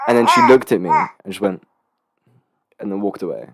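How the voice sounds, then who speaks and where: A young man in his late teens from England, hosting a casual solo podcast in a rambling, swearing, animated storytelling way. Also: fairly low pitch, a little fast. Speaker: podcast host. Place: student accommodation room.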